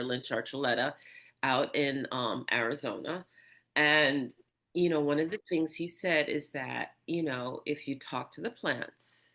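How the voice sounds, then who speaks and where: Animated woman host telling a story. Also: low voice. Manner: animated storyteller, many restarts, acts out her own yelling. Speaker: podcast host. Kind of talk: personal storytelling in an interview.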